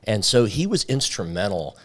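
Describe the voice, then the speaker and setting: A man's voice: on the low side, normal speed. A man, a company founder, telling his story in a casual interview and acting out the dialogue as he goes. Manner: lively storyteller who acts out quoted dialogue.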